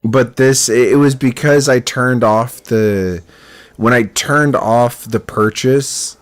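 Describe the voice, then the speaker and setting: A man's voice: mid-range voice, takes it slowly, no room sound. A young man streaming live while coding, chatting bluntly and swearing as he restarts his sentences.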